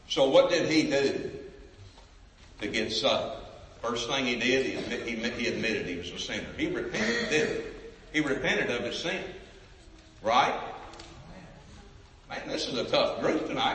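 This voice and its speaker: Recorded from a distance in an echoey hall, a man preaches an evangelistic sermon in a large church sanctuary, emphatically calling out to the crowd for responses. His medium-pitched, slightly bright voice swings widely in pitch at normal speed with frequent pauses, over a little hiss or hum.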